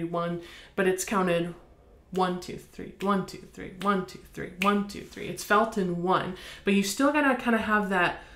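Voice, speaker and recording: An American woman teaching bassoon, explaining in a friendly way and counting beats aloud. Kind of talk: instructional demonstration. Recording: echoey room.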